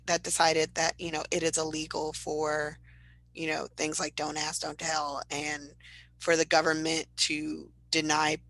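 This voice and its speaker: Gravelly, bright-voiced woman co-host. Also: no room sound, low-quality recording. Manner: animated storytelling with sudden high-pitched impressions. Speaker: podcast co-host. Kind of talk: casual chat.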